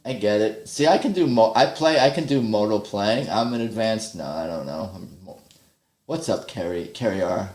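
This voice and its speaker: A man hosting a casual livestream while practicing guitar, rambling, thinking out loud and putting himself down. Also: fairly low pitch, lively intonation, normal speed, echoey room, slight background noise. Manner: rambling, thinks aloud, self-deprecating. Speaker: livestream host. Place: home practice room. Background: guitar playing.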